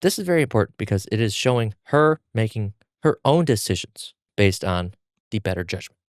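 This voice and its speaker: A man's voice: lowish voice, big pitch swings, brisk, dry recording, clean studio sound. A man hosting a podcast, recapping and discussing a manga with enthusiasm. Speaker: podcast host. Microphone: mic on stand.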